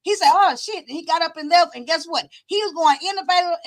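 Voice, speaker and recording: High-voiced woman telling a story. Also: fast, poor audio. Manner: animated, teasing, quotes people in lowered voice. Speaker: channel host. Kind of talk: casual storytelling chat.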